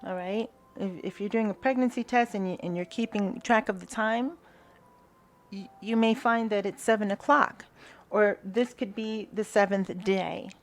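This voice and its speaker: A woman giving a spiritual tarot reading, soft-spoken and hesitant, with many fillers and pauses. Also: medium pitch, fairly even intonation. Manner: invocation-like gratitude prayer. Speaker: tarot reader.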